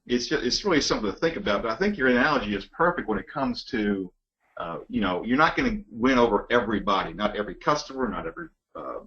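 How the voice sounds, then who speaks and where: A man talking in a measured, reflective way during a casual business conversation. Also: on the low side, fairly bright tone, muffled recording.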